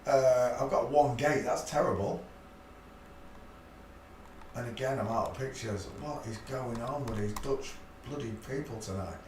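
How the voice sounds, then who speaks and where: A man's voice: medium pitch, measured pace, darkish tone. A man hosting a rambling live stream, muttering to himself and chuckling in a blunt, offhand way. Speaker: channel host. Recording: echoey room, mic at a distance, faint hiss.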